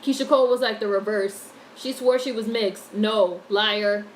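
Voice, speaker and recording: An American woman holds forth on a casual livestream, blunt and opinionated, swearing as she answers her chat. Her voice sits at an ordinary middle pitch. A faint hiss runs under the recording. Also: steady tone, a little slow, low-quality recording. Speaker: YouTube commentator reading chat.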